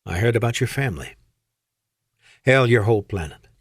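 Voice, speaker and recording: A male narrator voicing a guarded young woman, an army major, speaking quietly. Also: medium pitch, expressive, normal speed, slightly rough, dry recording, studio quality.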